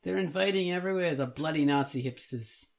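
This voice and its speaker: A man's voice: a little high, fairly quick, gravelly, a crowd in the background. A man hosting a casual podcast chat, rambling and swearing freely. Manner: rambling, swears and laughs while talking. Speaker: podcast host.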